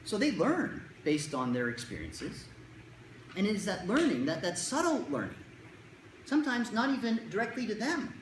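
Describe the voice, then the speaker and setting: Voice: mid-range voice, big pitch swings, normal speed. Presenter talking to parents, jokey and chatty, voice jumps around a lot, echoey room with a bit of hiss. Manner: conversational, jokey, acts out quotes. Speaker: presenter on child anxiety. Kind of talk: lecture to parents. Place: lecture room with an audience. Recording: roomy echo, faint room noise.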